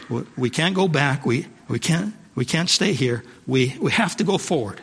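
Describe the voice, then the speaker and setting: This animated pastor speaks at normal speed with few pauses, his slightly high voice creaky, a bit bright, and edged with breath. He preaches in a church sanctuary, repeating points and calling to the congregation, with long hall reverb.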